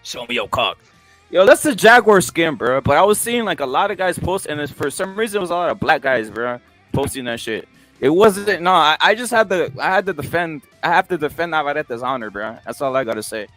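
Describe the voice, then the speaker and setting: Animated crude young man, boxing chat. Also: fairly high pitch, a little fast, faint music behind. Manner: loud, animated, crude banter with restarts. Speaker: podcast co-host.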